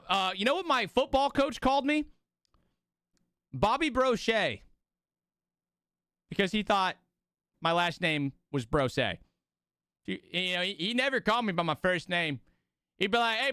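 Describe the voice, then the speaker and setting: In a clean, dry studio recording, a young man with a high voice hosts a watch-party stream. Tired and yawning, he talks casually, goes on profanity-laced rants, and tells his stories with lots of energy.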